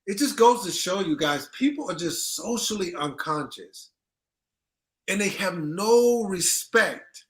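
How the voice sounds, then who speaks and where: Male host, chatty news commentary, emphatic, repeats himself, slightly high voice. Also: lively intonation, takes it slowly, fairly bright tone. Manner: conversational, repetitive, emphatic.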